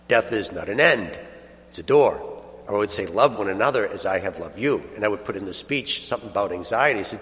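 A man's voice: on the low side, fairly bright tone, in a large hall. A man, a priest, giving a sermon in a conversational storytelling way, chuckling now and then.

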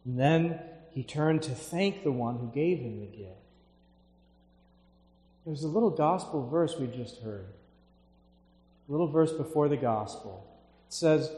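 A Catholic clergyman reading the Gospel in a measured, solemn way, then telling lively anecdotes in his homily. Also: medium pitch. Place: large church. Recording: echoey church with long reverb.

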